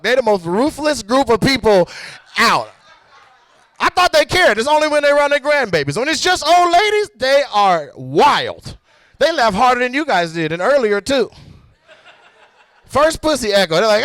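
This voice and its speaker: A man doing a loud, animated stand-up set on a club stage, laughing at his own jokes. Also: high-pitched, no room sound. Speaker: stand-up comedian.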